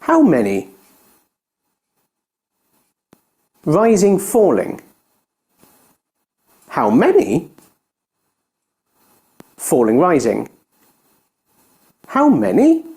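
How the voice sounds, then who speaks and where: A narrator in a played lesson video modelling rising and falling tones slowly and deliberately. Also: medium pitch, wildly swooping pitch, warm tone. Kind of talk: scripted pronunciation drill.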